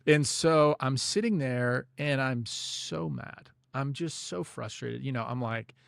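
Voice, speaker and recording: This man's mid-range voice is fairly bright with vocal fry, a little slow, and recorded dry at studio quality. Guesting on a podcast, he casually tells a personal story of faith, speaking of God and prayer and leaning heavily on "you know" and "like".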